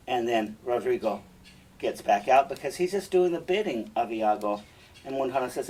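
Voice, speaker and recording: A male teacher walks students through a play in a relaxed, chatty way, dropping asides to them. His voice sits back from the microphone in a mid-range pitch. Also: moderate pace, distant mic, rough recording. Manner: casual, chatty explaining with asides.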